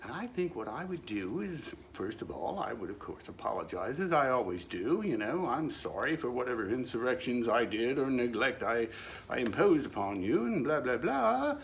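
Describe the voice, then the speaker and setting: Male host, comic monologue, gravelly, wry and mock-solemn. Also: mid-range voice, very animated, moderate pace, slight background noise. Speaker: show host.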